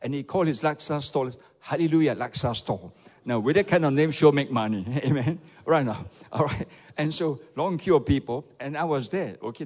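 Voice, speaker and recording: A man's voice: mid-range voice, darkish tone, breathy edge, in a large hall. A man with a Malaysian English accent, a pastor preaching a sermon and often calling on the congregation to respond. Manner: rhetorical, repeatedly asks the audience for replies.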